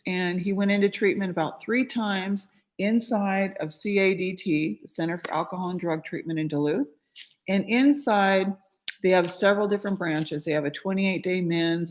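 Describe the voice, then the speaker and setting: A middle-aged woman, a spiritual healer, telling an emotional personal story in a conversational way with frequent fillers, acting out quoted voices with rising pitch and loudness. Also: normal speed.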